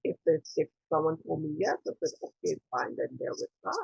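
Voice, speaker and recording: A woman's voice: low voice, a little fast, creaky, darkish tone, slightly rough, no echo. A woman priestess hosting an interview, telling her spiritual story in an earnest, digressive way and quoting her own past thoughts aloud. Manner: earnest, digressive, with quoted inner dialogue. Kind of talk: reflective personal storytelling. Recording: tinny phone-like line.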